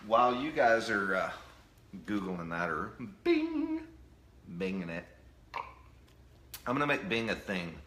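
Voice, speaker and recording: Male presenter, low voice with a bright edge; chatty, jokey live-stream teaching style. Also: wildly swooping pitch, unhurried, pauses often, roomy sound, slight background noise. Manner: jokey, peppers points with "right?". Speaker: presenter of a live online talk. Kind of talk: casual live-stream lecture.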